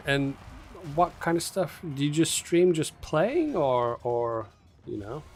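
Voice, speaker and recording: A man's voice: medium pitch, sing-song, slow pace, a little hiss or hum. Chatty, rambling male stream host. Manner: rambling, chatty, reading viewer names aloud, frequent fillers. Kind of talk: casual live-stream chat.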